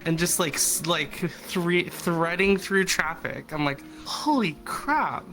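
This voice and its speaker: Woman talking real slow, chill chat, faint music behind. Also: on the low side, fairly bright tone. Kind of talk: casual chat.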